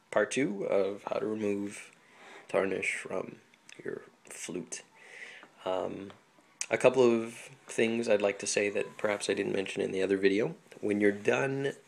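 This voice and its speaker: Gravelly low-voiced man giving a tutorial. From Hawaii. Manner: relaxed, chatty, many ums and small laughs. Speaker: flutist teaching instrument care. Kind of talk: casual home tutorial. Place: home apartment.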